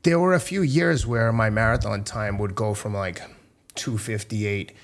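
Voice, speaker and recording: Middle-aged male guest, slightly low, blunt and emotional, casual swearing. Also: measured pace. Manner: candid, swears freely, gets choked up. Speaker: podcast guest, runner. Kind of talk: candid interview talk.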